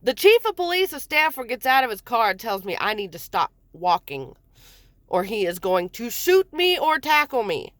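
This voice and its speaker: A woman in her forties tells her own story in a blunt, heated rush, swearing freely and acting out what others said to her. Her voice sits a little high. The recording is close and dry, with no room sound. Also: very animated, normal speed, fairly bright tone, no echo. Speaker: mother telling her story. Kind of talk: angry personal storytelling.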